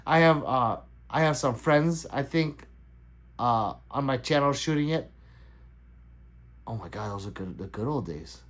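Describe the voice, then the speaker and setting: A man's voice: mid-range voice, animated, unhurried, pauses often. A middle-aged man hosting a casual livestream, laughing easily and answering his chat as it comes in. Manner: loose, laughing, chatty, reading out chat. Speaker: livestream host.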